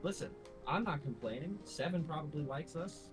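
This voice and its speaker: A man's voice: on the high side, expressive, normal speed, music in the background. A man playing a tabletop game, joking and bantering with the others. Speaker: player. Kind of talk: casual chat.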